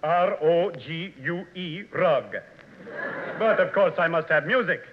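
A man's voice: on the high side, takes it slowly, slight background noise. A man playing a boastful fake Russian singer who speaks grand broken English, in a 1940s radio comedy. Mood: pompous. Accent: put-on Russian. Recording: thin, narrow 1940s radio broadcast with music.

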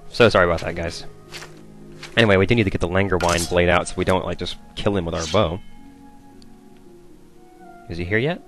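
A man's voice: low voice, a little fast, long pauses, music in the background. Chatty young man narrating gameplay. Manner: chatty, rambling, easily excited. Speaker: gameplay commentator. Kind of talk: casual let's play commentary.

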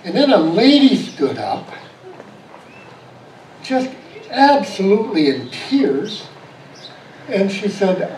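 A man's voice: high voice, slow pace, pauses often, a little hiss or hum. Man preaching in an echoey church. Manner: animated storytelling, quieting to a soft reflective tone. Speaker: pastor. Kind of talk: storytelling sermon. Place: church sanctuary. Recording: echoey church room, voice from far off.

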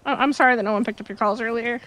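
Hesitant woman with a fairly high voice. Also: steady tone, very fast, a bit bright, poor audio. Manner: hesitant, apologetic, many fillers. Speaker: sheriff's department officer in role-play. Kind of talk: role-play phone call. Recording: game car noise behind.

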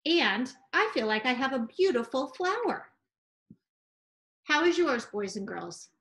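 A woman art teacher gently talking children through a painting demonstration, encouraging and sing-song. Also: high-pitched, sing-song, measured pace.

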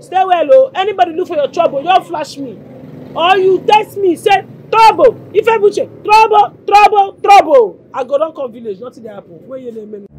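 An actress with a Nigerian Pidgin accent playing a brash, boastful daughter in a Nollywood film. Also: female voice, high-pitched, lively intonation, fairly quick, darkish tone, slight background noise. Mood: defiant. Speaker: daughter on the phone with her mother.

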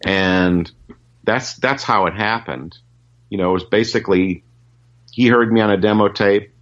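A man's voice: fairly low pitch, unhurried, fairly bright tone, muffled recording. A man, a session guitarist, telling anecdotes in a casual interview, rambling with lots of fillers and restarts.

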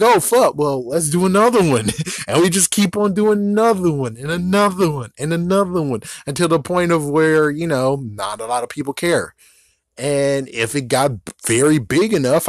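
A man's voice: fairly high pitch, dry recording, clean studio sound. A man rambling casually to his vlog audience, swearing, laughing often and acting out scenes he imagines. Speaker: vlogger.

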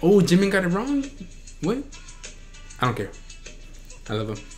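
A man hosting a reaction video, gushing with excitement and often breaking into shrieks and squeals. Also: high-pitched, unhurried, faint music behind. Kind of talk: excited fan reaction commentary.

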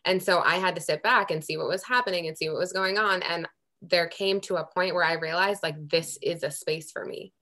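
A woman's voice: fairly low pitch, a little fast, sharp tone. A young woman from Amherst, Massachusetts, co-chair of a working group, giving earnest, emotional remarks at a public meeting with many restarts.

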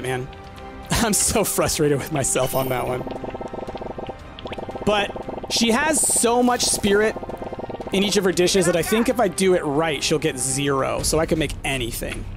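A gaming commentator narrates his own let's-play with game music in the background. His voice sits high, and he's excitable and self-deprecating, talking directly to viewers and often letting out frustrated yelps.

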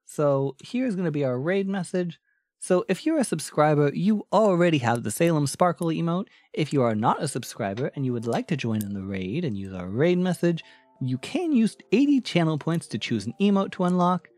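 A man chatting casually on a live stream, playful and quick to laugh, shifting his voice from bright to low. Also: sing-song, no echo.

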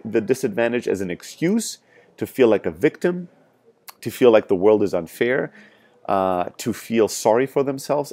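A man's voice: lowish voice, mellow. Frank European-accented man giving sales advice. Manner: emphatic, frank, frequent "right?" asides. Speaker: sales startup founder. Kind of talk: motivational talk to camera.

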